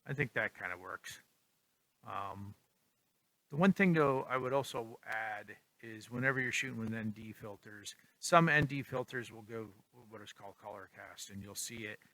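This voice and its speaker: A man casually talking through his photos in a vlog, relaxed and rambling with lots of ums. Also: fairly low pitch, normal speed. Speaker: photography vlogger. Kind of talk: casual tutorial talk.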